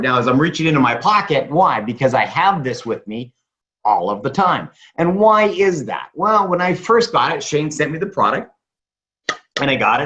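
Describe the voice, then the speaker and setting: A man delivers an energetic sales pitch at a middling pitch, hammering home the same claims again and again. He poses questions and answers them himself. The recording sounds dull and lo-fi. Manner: emphatic, repeats claims, asks and answers rhetorical questions. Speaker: presenter at a sales meeting.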